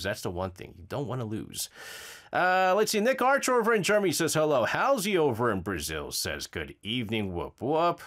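A man hosting a radio show, chatting casually and reading listener messages, with lots of fillers and stammers. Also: on the low side. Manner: lively, rambling, frequent fillers and stammers. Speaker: radio host. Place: radio studio.

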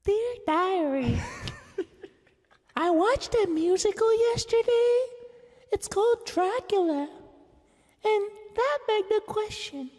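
A man's voice: extremely high pitch, animated, slow, pauses often, a little mellow, full character voice. A man voicing a vain, dramatic young woman reading from her diary, with reverb added. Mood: dreamy.

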